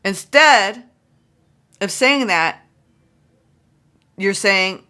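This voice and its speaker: A woman giving a solo tarot reading, excitable and gushing, repeating phrases for emphasis. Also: mid-range voice, moderate pace. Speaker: tarot reader.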